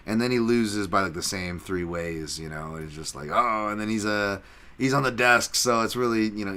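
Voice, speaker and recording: A man hosts a fight podcast, picking apart matchups in loose, rambling talk full of swearing. He drops in self-mocking asides as he goes. His voice sits on the lower side but sounds bright and forceful. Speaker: podcast host and fight analyst. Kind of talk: casual fight breakdown chat.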